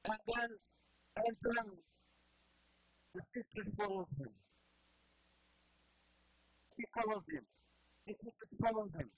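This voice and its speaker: A religious teacher giving an animated storytelling lesson at an Islamic centre, acting out scenes and reciting scripture passages. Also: medium pitch, slow pace, pauses often, no room sound, low-quality recording. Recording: live stream with loud background noise.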